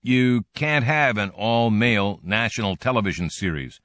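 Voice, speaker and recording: A man's voice: on the low side, normal speed, fairly bright tone, dry recording, clean studio sound, voice pushed up, close to an everyday voice. A man reading an audiobook, voicing a slick middle-aged TV producer who talks people around. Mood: persuasive.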